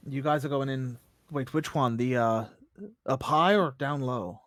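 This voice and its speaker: A game master voicing a nervous male ally soldier who talks in a hesitant, halting way full of fillers, in a tabletop game. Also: medium pitch, fairly bright tone, no room sound, clean studio sound, lightly acted. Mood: uneasy.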